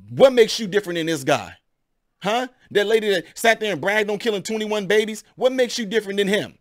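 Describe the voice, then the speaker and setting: A man hosting his own channel, giving heated, rambling opinion commentary to his viewers. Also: high-pitched. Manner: animated, rambling, addresses viewers as y'all.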